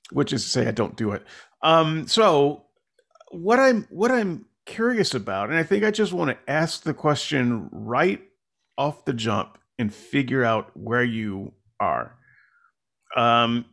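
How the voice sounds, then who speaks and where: Gravelly-voiced rambling male podcast host. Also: mid-range voice, fairly bright tone. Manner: rambling, self-deprecating, many fillers and restarts. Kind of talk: casual conversational podcast.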